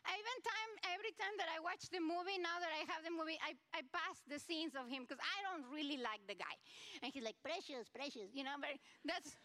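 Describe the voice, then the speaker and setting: A woman's voice: very high-pitched, fast talker, few pauses, pushed and bright. A woman pastor with a Mexican accent, preaching a sermon in a church in a conversational way and talking directly to the congregation. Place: church sanctuary.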